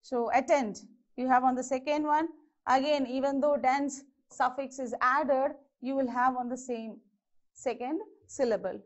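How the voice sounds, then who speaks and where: High-voiced woman teaching grammar. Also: fairly even intonation, a little slow. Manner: repeats words and checks in with "okay". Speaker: English teacher. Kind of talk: classroom grammar lesson. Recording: slightly dull lo-fi lesson audio.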